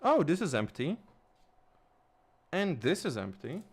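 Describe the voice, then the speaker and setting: A man's voice: on the high side, big pitch swings, unhurried, breathy edge. A man with an Eastern European accent, a non-native English speaker, chatting casually and swearing under his breath while building a model kit. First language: not English. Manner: mumbling, swearing, talking to himself.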